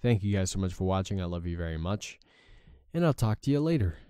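A man's voice: sits low, very animated, fast talker, dark tone, smooth, no room sound, studio quality. A tired young man commentating his own gameplay, swearing freely and grumbling in frustration. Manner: swears often, frustrated at the game. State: exhausted. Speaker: gaming channel host. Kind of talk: let's play commentary.

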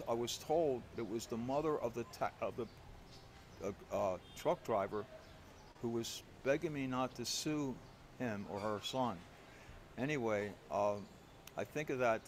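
Man, priest, homily, conversational storytelling, self-deprecating, mid-pitched voice, faint background noise. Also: darkish tone. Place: church.

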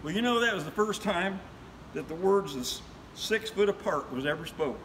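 A man reciting a humorous story poem with a steady rhythm. He rises into loud cries at the big moments. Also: high-pitched, normal speed, slight background noise, poor audio. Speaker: guest.

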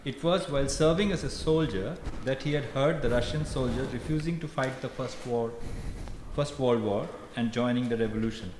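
A man's voice: medium pitch, moderate pace, a little mellow. Man reading aloud in an echoey hall. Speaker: performer. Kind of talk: reading a prepared text at a live art performance. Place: large gallery hall. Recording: echoey hall, background noise.

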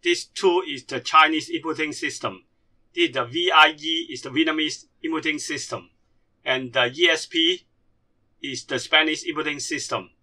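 Man, teacher, screen tutorial, halting English, very bright voice, fairly high pitch. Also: fairly even intonation. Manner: halting, non-native grammar. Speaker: language teacher.

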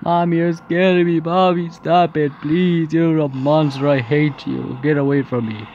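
A frightened little girl in a dark game, crying out and pleading in a strained, high voice. A man acts her out, pushing his voice up well above his own. Faint hiss runs underneath. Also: fairly even intonation, normal speed, highs cut off, close to an everyday voice. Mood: scared pleading. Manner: pleading, scared, high-pitched.

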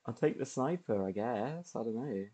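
A man's voice: mid-range voice, lively intonation, moderate pace, warm tone. A man streaming a video game, chatting casually and laughing often as he plays. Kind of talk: casual gameplay commentary.

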